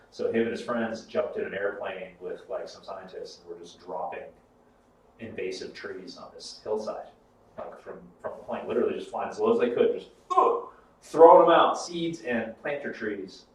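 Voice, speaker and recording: A man's voice: deep voice, a little mellow, a little hiss or hum. A man, a podcast co-host, chatting casually and rambling through stories with plenty of swearing. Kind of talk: casual chat. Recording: echoey room, mic far off.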